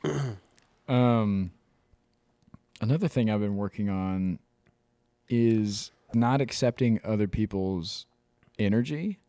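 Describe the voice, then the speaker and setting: A man's voice: lowish voice, slow, long pauses, warm tone, no room sound. A man co-hosting a podcast in casual chat, telling stories animatedly, mimicking other people and swearing freely. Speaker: podcast co-host.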